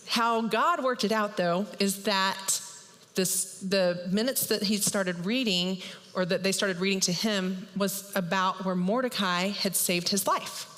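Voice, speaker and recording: A woman pastor retelling a Bible story in a lively, chatty sermon. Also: medium pitch, measured pace. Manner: lively, chatty, acts out characters. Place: church. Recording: long hall reverb.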